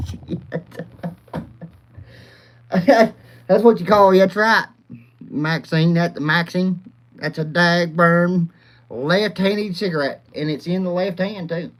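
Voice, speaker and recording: A man hosting a rambling, profane live chat, often laughing and calling out viewers by name. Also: sits high. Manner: crude, profane, rowdy, laughs a lot. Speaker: livestream host.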